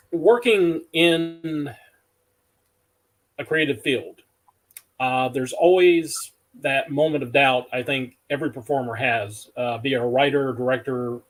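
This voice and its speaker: A man moderating a panel discussion. He asks his questions in a careful, measured way. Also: mid-range voice.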